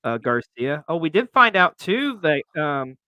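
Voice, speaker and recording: Lively, bright-voiced male co-host. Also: a little high, unhurried, dry recording. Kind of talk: casual wrestling chat.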